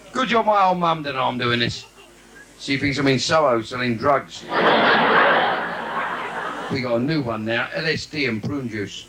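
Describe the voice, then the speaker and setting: A man doing bawdy stand-up in a live cabaret, brash and cheeky, now and then breaking into shouted asides. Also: medium pitch, normal speed, pauses often. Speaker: stand-up comedian. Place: live theatre stage with audience. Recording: noisy live 1980s theatre recording.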